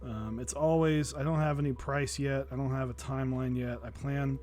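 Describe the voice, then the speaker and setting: A man's voice: medium pitch, fairly even intonation, moderate pace, a little mellow. Chatty male streamer, rambling storyteller. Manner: rambling, chatty storytelling with restarts, greets chat viewers. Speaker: keyboard-building streamer. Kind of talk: casual live-stream chat.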